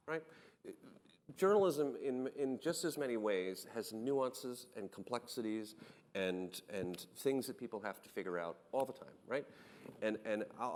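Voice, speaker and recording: A man on a conference panel, telling anecdotes in an animated way with many restarts. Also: fairly low pitch, long reverb tail. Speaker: panel guest, startup founder.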